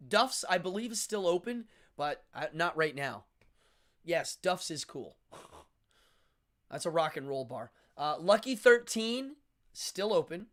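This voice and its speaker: Middle-aged male livestream host, lively sing-song delivery, rambling and chatty, talks straight to his viewers. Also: a little high. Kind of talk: casual livestream chat with viewers.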